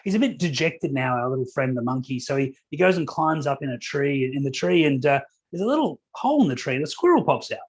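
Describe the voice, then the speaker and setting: A man's voice: mid-range voice, big pitch swings, quick pace, hardly any pauses, husky. A man giving a motivational keynote at a company conference, telling stories in a conversational way, with fillers. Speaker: keynote speaker.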